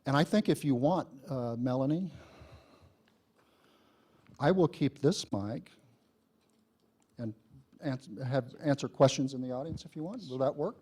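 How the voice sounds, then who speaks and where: A man's voice: medium pitch, a little slow, long pauses, warm tone, breathy edge. A man moderating a public health meeting, talking with many hesitant filler sounds. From Nevada. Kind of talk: presenting and moderating at a board meeting. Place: meeting room.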